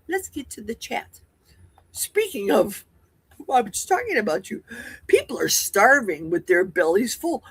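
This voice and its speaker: A Wisconsin woman in her sixties with a Midwestern accent hosts a livestream, her mid-range voice breathy, a little slow and swinging widely in pitch, with no echo. She chats casually and rambles, dropping folksy asides as she reads viewer comments.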